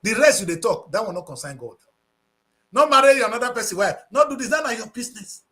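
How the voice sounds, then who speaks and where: A Nigerian man speaks in a very high voice that swoops up and down as he holds forth on a breakfast talk show. He sounds passionate and preachy, mixing Pidgin into his English. His tone is bright and forceful. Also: animated, fast talker. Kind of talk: impassioned talk-show commentary.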